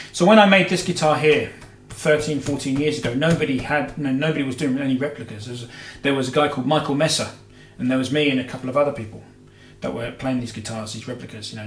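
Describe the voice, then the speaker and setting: A man hosting a guitar show, answering viewer questions in a rambling casual chat full of filler and restarts. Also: mid-range voice. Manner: rambling, heavy with filler "you know"s and self-corrections. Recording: roomy echo with faint music.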